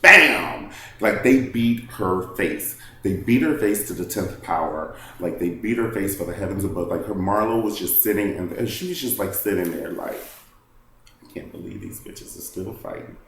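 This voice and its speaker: A man hosting a casual recap, retelling scenes in an animated, sassy way and mimicking the people he talks about. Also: deep voice, moderate pace, very echoey, slight background noise. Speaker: reality TV recap host.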